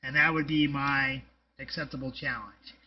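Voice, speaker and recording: A man's voice: mid-range voice, fairly even intonation, moderate pace, far from the mic, lo-fi sound. A man co-hosting a casual podcast chat, rambling with lots of fillers and blunt jokes. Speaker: podcast co-host.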